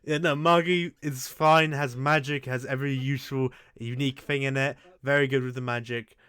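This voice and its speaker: A man's voice: medium pitch, fairly even intonation, moderate pace, a bit bright, clear, resonant tone, dry recording. A man hosting a casual chat, rambling and crude with frequent restarts. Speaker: show host. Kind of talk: casual chat ranking anime.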